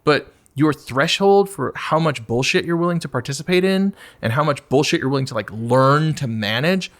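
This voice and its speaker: A man in his forties with a slightly high voice, talking candidly as a podcast guest. His pitch swings widely as he speaks, and he breaks into exaggerated mock voices to make a point. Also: normal speed. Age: 40s. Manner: animated, puts on high mock voices to act out asking for attention. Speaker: guest musician.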